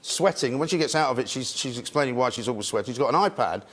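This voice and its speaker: A man in a TV studio rattles off his views on the news at speed, stacking up "I mean"s. His voice sits at an ordinary pitch for a man. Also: animated, fairly bright tone. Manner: rapid, opinionated, full of "I mean". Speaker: newspaper reviewer. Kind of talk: breakfast TV chat.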